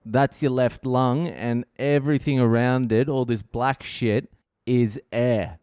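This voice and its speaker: A man tells a story on his podcast in a relaxed, profanity-laden way. His voice is smooth and even, recorded close and dry, and his chest is sore. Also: mid-range voice, takes it slowly, no echo. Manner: profane, laid-back storytelling. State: sore chest, short of breath. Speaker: comedian podcast host. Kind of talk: casual storytelling monologue. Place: hospital.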